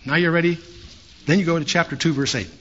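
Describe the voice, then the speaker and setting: A man's voice: fairly high pitch, fairly even intonation, fast talker, fairly bright tone. A man teaching a Bible study in a conversational way, with storytelling asides. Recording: dull lo-fi sound with faint hiss.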